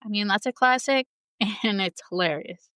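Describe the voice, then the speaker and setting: A woman's voice: mid-range voice, normal speed, pushed and bright, smooth, no room sound. A woman hosting a casual, enthusiastic talk show, chatting with frequent laughter. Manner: enthusiastic and giggly, reciting quotes. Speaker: host. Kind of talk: casual talk about a musical.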